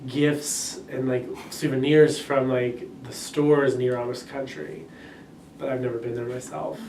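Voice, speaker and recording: Flat-voiced young man, distant and roomy. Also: medium pitch, unhurried. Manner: hesitant, lots of filler words. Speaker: interviewee. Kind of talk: casual interview answers. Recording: roomy echo, distant mic, faint noise.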